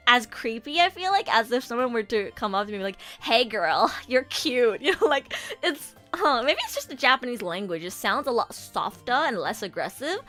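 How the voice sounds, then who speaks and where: Lively, bright-voiced young woman chatting. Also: mid-range voice. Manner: chatty and animated, laughs often, many "like" fillers. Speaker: podcast host. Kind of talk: casual chat.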